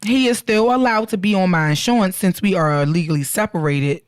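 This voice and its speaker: A woman's voice: mid-range voice, brisk, dry recording. A woman co-hosting a chatty podcast, reading stories off the internet and breaking in with sassy slang and laughter. Her voice sits in a middle range and is recorded close and dry, with no room sound. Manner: animated, laughs often, playful slang asides. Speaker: podcast co-host. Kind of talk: casual chat, reading stories aloud.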